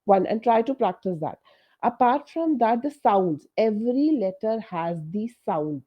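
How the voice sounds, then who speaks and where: A woman's voice: on the high side, expressive, measured pace. Casting note: woman, Indian English accent, patient pronunciation coach, explanatory, slightly dull call audio. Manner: explanatory, frank, uses many fillers like "you know". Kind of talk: online coaching session.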